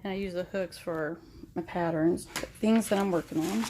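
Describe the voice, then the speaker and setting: The recording is very noisy as a woman in her thirties or forties, who vlogs about sewing, gives a rambling, chatty, self-deprecating tour of her small sewing room at home. She speaks at normal speed in a fairly low voice, holding her phone at arm's length.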